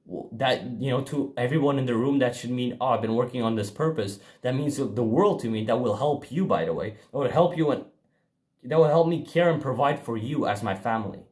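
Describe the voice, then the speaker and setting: A man's voice: mid-range voice, animated, brisk, darkish tone. Profane, emphatic young man vlogging. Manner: blunt and profane, emphatic with frequent restarts. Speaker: self-improvement vlogger. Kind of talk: casual motivational monologue.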